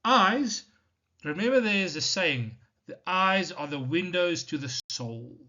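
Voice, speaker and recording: A male teacher from South Africa explaining a poem in a deliberate, step-by-step lesson, with many "so" and "now" turns. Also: high voice, lively intonation, sharp tone. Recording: slightly dull lo-fi recording.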